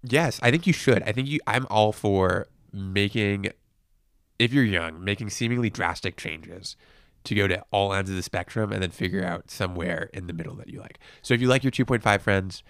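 A young man gives advice in a casual chat, measured and dryly funny. His voice sits a bit low. The sound is dry and close. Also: a bit bright, clear, resonant tone, dry recording. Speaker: guest, former consultant.

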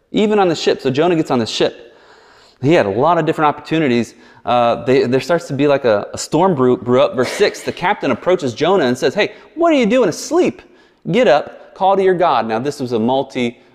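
Chatty preacher in a big reverberant hall. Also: male voice, lowish voice, darkish tone. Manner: chatty, verbose, digressing with asides and jokes. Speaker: pastor. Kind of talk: sermon. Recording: long reverb in a large hall.

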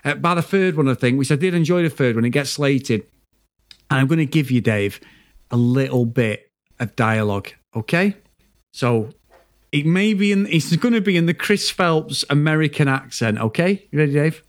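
A man's voice: a little high, expressive, moderate pace. A man co-hosting a movie podcast in casual chat, laughing and swearing freely. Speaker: podcast co-host.

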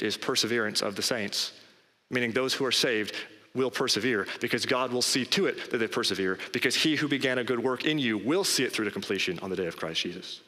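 A man preaching a sermon as pastor, emphatic and rising in pitch on key phrases. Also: pushed and bright. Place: church sanctuary. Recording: long hall reverb.

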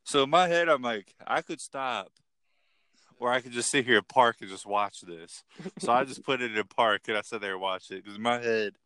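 A man's voice: medium pitch, moderate pace, sharp tone, smooth, dry recording. A young man co-hosting a podcast, telling a rambling, profane story in casual chat. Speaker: podcast co-host.

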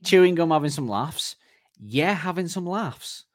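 A man's voice: fairly high pitch, expressive, measured pace, dry recording. A man co-hosting a comedy podcast, joking casually about song lyrics and laughing often. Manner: jokey, laughs often, acts out silly voices. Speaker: podcast co-host.

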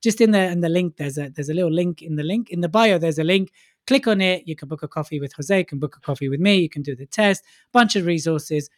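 A man co-hosting a casual podcast, talking in a joking, lively way with quick asides. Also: on the high side, no room sound, clean studio sound. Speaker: podcast co-host.

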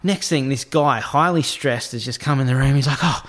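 Animated Australian man telling a story. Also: medium pitch, moderate pace. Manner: animated, acts out other people's voices, swears freely. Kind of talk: casual storytelling chat.

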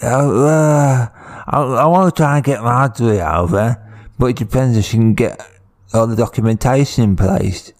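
A man's voice: medium pitch, normal speed, a little mellow, close to an everyday voice. A man voicing a blunt, scrappy Victorian man with a Cockney accent, improvising in a comedy podcast. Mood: earnest. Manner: improvised, cheeky.

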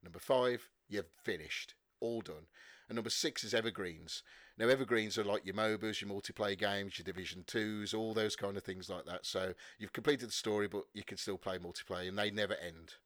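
A man hosting a casual podcast, explaining rules briskly with fillers and jokes. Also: lowish voice, steady tone, fairly bright tone, no room sound. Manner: jokey, brisk rule-explaining with frequent fillers. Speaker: podcast host.

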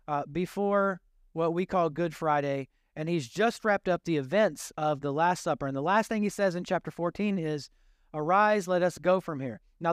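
A man's voice: high voice, smooth, dry recording, clean studio sound. A male pastor preaching a sermon in a casual, joking, conversational way.

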